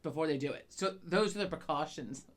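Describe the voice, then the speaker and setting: Speaking briskly in a low-pitched voice, the woman co-hosting this podcast rambles through casual chat. She curses frequently and keeps tripping over her words.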